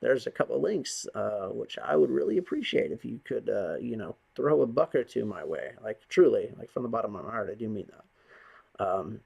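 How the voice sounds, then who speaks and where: A man's voice: on the low side, animated, moderate pace, vocal fry, a little mellow, slightly rough, dull audio. A man vlogging a bitter, rambling, profane rant to the camera. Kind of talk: ranting monologue to camera.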